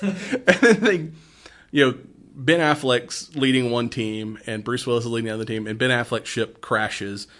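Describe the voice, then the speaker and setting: Laughing man retelling a movie. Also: medium pitch. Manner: animated retelling, acts out quotes, laughs often. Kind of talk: casual movie chat.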